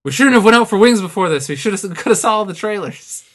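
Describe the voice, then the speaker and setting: A man's voice: sits high, animated, fast. A man co-hosting a casual podcast, laid-back and wry, often laughing. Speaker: podcast co-host. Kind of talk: casual chat.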